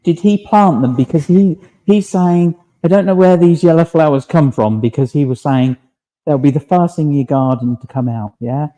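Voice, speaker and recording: A man working as a medium in a church service, gently relaying spirit messages and checking in with a questioning "yeah?" after nearly every phrase. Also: fairly high pitch, moderate pace, low-quality recording. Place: village hall.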